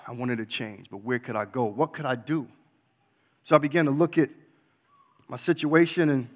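A man from New York telling a candid personal story on stage, swinging between loud outbursts and hushed asides. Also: medium pitch, normal speed, long pauses. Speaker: speaker. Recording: long hall reverb.

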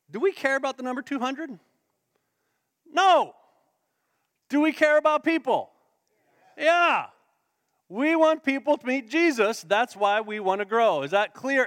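A man's voice: high voice, fairly bright tone, no room sound, studio quality. A man preaching a sermon, joking with the congregation and asking it questions. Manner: playful, interactive, joking with the congregation. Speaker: pastor. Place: church sanctuary.

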